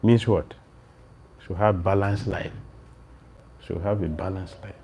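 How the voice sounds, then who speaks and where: Slow, emphatic preaching man with a husky voice. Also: deep voice, fairly even intonation, mellow. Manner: slow, emphatic, repeats phrases, rises sharply when quoting. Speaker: swami lecturing on scripture. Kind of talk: sermon.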